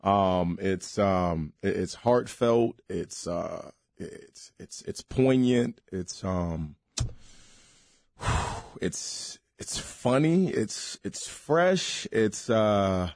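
A man with a low, gravelly voice chats as a comedy guest, loose and slangy, full of quick restarts. The studio sound is dry and close. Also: animated, a little mellow, no echo. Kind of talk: casual interview chat.

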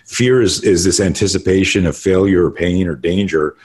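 A middle-aged man from Canada, a martial artist guest on a podcast, telling stories in a casual, profane, animated way. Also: low voice, normal speed. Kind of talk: casual storytelling.

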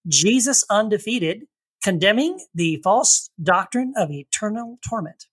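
A man's voice: high-pitched, lively intonation, measured pace, fairly bright tone, slightly rough, poor audio. Rambling male podcast host, slight Texan twang. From Texas. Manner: rambling, self-correcting, playful. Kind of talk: casual podcast chat.

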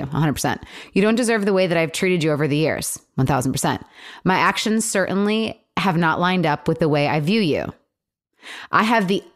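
A woman in casual chat, getting heated and animated as she talks, with lots of fillers. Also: fairly low pitch.

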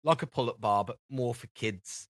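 A man's voice: mid-range voice, moderate pace, fairly bright tone, dry recording. Dry-sounding British man telling stories. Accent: British English. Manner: rambling storyteller, acts out dialogue in anecdotes. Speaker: podcast co-host. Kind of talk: casual chat.

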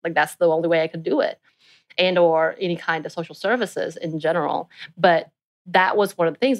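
Podcast co-host, woman in her thirties, lowish voice, animated, talks through ideas with fillers. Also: a little fast. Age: 30s. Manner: animated, thinking aloud with fillers. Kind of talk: casual podcast discussion.

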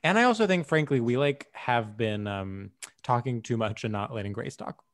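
A man's voice: mid-range voice, lively intonation. Rambling, jokey man co-hosting a podcast. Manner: rambling, jokey, quick to laugh. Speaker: podcast co-host. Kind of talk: casual podcast chat.

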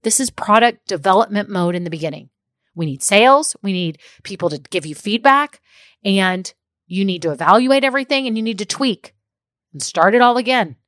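A woman's voice: mid-range voice, expressive, normal speed, a bit bright, no room sound, studio quality. A woman business coach giving a motivational talk straight to her listeners. She is emphatic and upbeat, repeats key phrases, and keeps checking in with "okay?".

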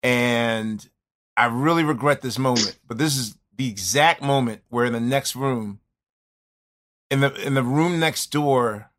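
Guy with a bright voice rambling through an old story, lots of restarts. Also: medium pitch, a little slow. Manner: rambling, reflective, many restarts. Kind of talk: casual storytelling chat.

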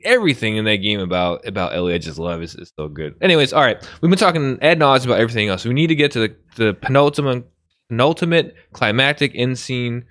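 A young man co-hosting a casual podcast chat, animated and laughing often as he goes off on tangents. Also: medium pitch, quick pace, no room sound, clean studio sound. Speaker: podcast co-host.

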